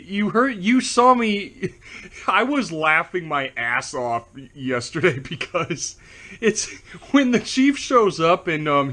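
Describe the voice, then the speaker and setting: A young man with a high, bright voice chats casually as a movie review co-host. He keeps cracking up mid-story and rambles on with loose, giggly energy. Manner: giggly, keeps breaking into laughter while telling stories. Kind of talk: casual chat.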